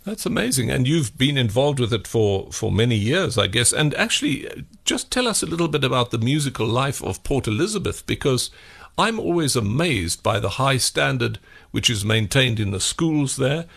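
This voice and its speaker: A man hosting a classical music radio interview, unhurried with frequent hesitations. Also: medium pitch, sing-song, fairly bright tone. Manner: gravelly, unhurried, with frequent uhs. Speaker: radio presenter.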